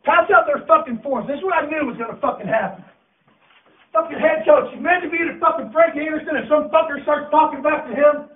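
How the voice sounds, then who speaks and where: A man coaching a high school team, shouting and swearing as he berates his players in a locker room. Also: a little fast. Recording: echoey, distant, tinny phone-like audio.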